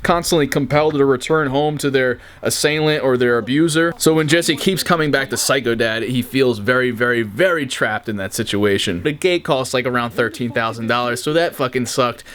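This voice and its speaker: A man's voice: medium pitch, fairly quick, hardly any pauses. A young man casually talking through behind-the-scenes stories of his videos, swearing freely and acting out quotes with energy. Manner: casual, profane, animated retellings. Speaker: YouTuber.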